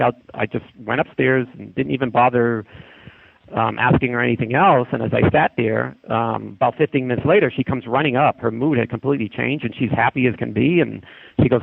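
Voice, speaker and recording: A guest telling a haunting story, this man has a gravelly, husky voice of medium pitch and talks a little fast. He rambles casually through a long tale, often restarting mid-sentence. The narrow, tinny phone line sounds dry, with no room or echo around it.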